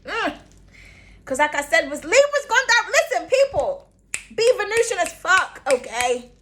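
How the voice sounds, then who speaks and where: Woman, high voice, bright, casual rambling tarot reading. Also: sing-song, a little slow. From outside the United States. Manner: chatty, rambling, swears casually, hums and laughs often. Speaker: tarot reader.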